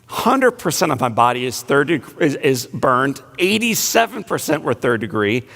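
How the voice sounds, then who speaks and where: Male inspirational speaker, middle pitch, storyteller mixing humor and quiet emotion. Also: sing-song, moderate pace, gravelly. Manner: storytelling, shifting between playful asides and hushed emotional lines. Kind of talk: inspirational speech to a large audience. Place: large banquet hall.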